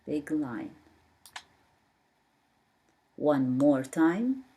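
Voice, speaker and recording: Woman teacher, patient lesson, says each sound over and over, slightly low voice. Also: expressive, mellow. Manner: repeats sounds slowly and patiently, non-native English grammar. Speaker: Arabic teacher. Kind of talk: slow spoken language lesson.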